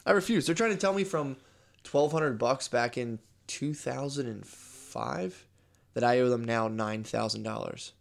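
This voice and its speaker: A man's voice: medium pitch, unhurried, vocal fry. Swearing, rambling young man on a podcast. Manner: rambling storyteller, swears freely, acts out both sides of phone calls. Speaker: podcast co-host. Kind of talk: casual chat.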